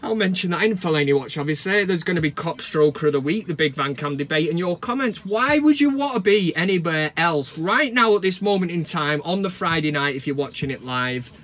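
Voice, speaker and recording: A man hosts a comic football fan vlog, talking into his camera with a fairly high voice. He rants and swears in a mock-sentimental way, swinging from hushed solemnity to loud mockery. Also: lively intonation, brisk, few pauses, soft background music. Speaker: fan channel host. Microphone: camera mic.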